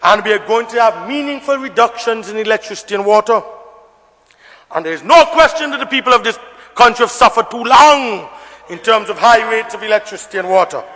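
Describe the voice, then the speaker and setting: A man giving an emphatic, repetitive budget debate speech in parliament, often rising to shouts. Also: high voice, lively intonation, a little fast. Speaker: member of parliament. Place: parliament chamber. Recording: long reverb of a debating chamber.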